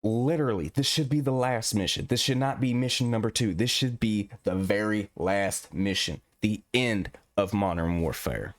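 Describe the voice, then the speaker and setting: A man's voice: lowish voice, normal speed, few pauses, no room sound. A man giving a profane, exasperated rant as a gaming commentator. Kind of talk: ranting video commentary.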